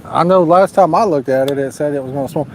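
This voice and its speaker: Man, slightly high voice, relaxed livestream chatter, faint outdoor hiss. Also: fast talker. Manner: laid-back, drawling, urges viewers to like and subscribe. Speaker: fishing livestream host. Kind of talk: casual live-stream chat, reading viewer comments. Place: outdoors at a lake at night, storm nearby.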